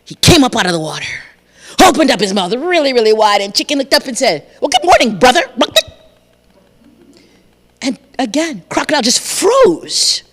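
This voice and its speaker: Woman storyteller, animated, rhythmic repetition, audience call-ins, echoing sanctuary. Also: a little high, fast talker. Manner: lively, repetitive, invites the audience to join in. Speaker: guest storyteller. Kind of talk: storytelling to a congregation. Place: church sanctuary. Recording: long reverb of a sanctuary.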